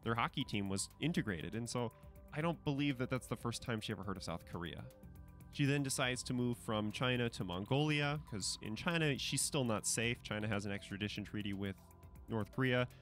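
A man's voice: medium pitch, a little fast, a bit bright, faint music behind. A man giving casual spoken commentary to camera, conversational and hedging, with frequent fillers and restarts. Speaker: commentary channel host.

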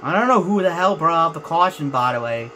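With a slightly high, expressive, sharp-toned voice, a young man talks briskly over faint background noise. The gaming channel host speaks to viewers during a racing let's play, frustrated and going over the same complaints repeatedly.

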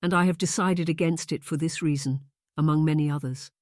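A man's voice: fairly high pitch, fairly even intonation, fairly quick, no room sound, clean studio sound, natural voice. A man voicing a proper young woman, a governess, speaking formally and with restraint. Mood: firm.

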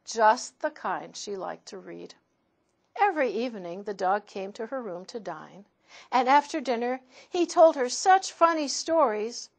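A woman storyteller reading picture books aloud to children in an expressive voice. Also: fairly high pitch, gravelly.

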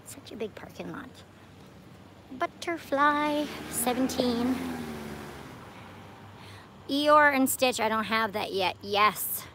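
A woman chatting casually on a live vlog in a parking lot at night, excitable and talkative. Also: a little high, slow, long pauses, noisy background. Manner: chatty and excitable, coos at a frog. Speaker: vlogger livestreaming.

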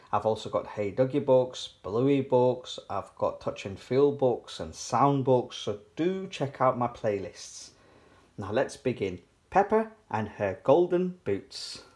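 A man reading a children's picture book aloud as a storyteller. His voice is of middle pitch, and his delivery is cheerful and clear for young listeners. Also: a little mellow. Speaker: storybook reader.

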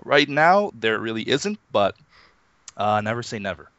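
Low-voiced man in his thirties, chatting. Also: moderate pace, no echo. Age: 30s. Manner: relaxed, chuckling, many fillers and restarts. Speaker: interview guest, Minecraft YouTuber. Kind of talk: casual interview chat. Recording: dull, muffled lo-fi online call.

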